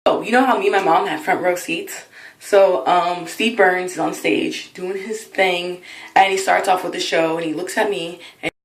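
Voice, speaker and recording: A woman in her early twenties telling a personal story in an excitable, dramatic way for her vlog. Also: lowish voice, normal speed, reverberant, rough recording. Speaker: vlogger.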